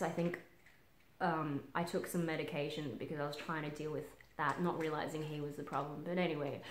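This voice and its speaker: A woman in her twenties with an Australian accent, talking frankly in a personal vlog, halting with many ums and casual swearing. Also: on the low side, slight background noise. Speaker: vlogger. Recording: roomy echo.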